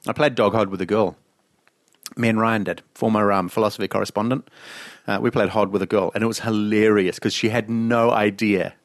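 A man's voice: fairly low pitch, steady tone, a little fast, no echo, studio quality. A man co-hosting a podcast, chatting casually and rambling through stories with frequent laughs. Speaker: podcast co-host. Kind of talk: casual chat.

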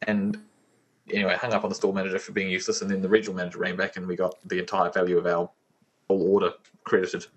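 A man's voice: low-pitched, monotone, fast talker, slightly rough. A man, co-hosting a casual podcast chat in a blunt, profane way over an online call. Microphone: online call mic.

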